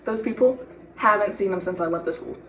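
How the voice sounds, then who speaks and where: A woman's voice: medium pitch, fairly quick, a bit bright. A teenage girl baking at home, giving earnest advice straight to the viewer with lots of giggles. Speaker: baking vlogger. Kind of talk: casual baking vlog with advice. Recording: voice from a distance off the mic, faint noise.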